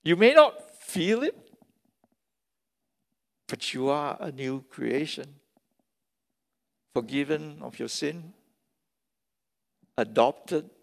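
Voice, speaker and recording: A man's voice: fairly high pitch, lively intonation, takes it slowly, creaky, long pauses. A man preaching a sermon as pastor, emphatic and repeating key phrases for stress, recorded in a large church hall. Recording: long reverb of a large hall.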